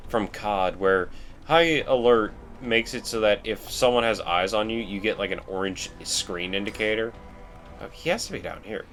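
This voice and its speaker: A man's voice: on the low side, normal speed, a bit bright. A man rambling in casual, self-deprecating commentary while he plays a video game. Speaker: let's play host.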